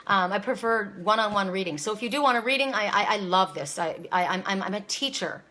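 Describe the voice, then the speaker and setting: A woman's voice: mid-range voice, fast, bright, forceful tone. A woman giving a casual, rambling spoken oracle reading, repeating her words and near tears at times. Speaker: psychic reader. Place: home, seated.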